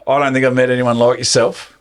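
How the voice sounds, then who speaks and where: A man's voice: medium pitch, little pitch movement, fast. A man hosting a podcast, chatting casually with a guest, full of fillers and loose swearing. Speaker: podcast host. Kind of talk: casual chat. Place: sauna.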